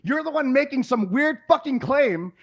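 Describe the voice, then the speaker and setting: A man hosting a podcast, arguing heatedly, yelling and swearing in exasperation. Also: very high voice, lively intonation, normal speed, dull audio. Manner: yelling, exasperated, profane rants. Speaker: podcast host.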